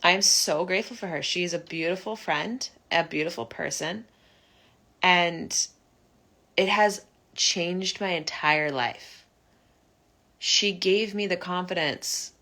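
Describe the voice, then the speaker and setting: A young woman telling her own recovery story in an earnest, heartfelt monologue, often halting and restarting. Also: on the low side, sharp tone. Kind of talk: personal reflective monologue.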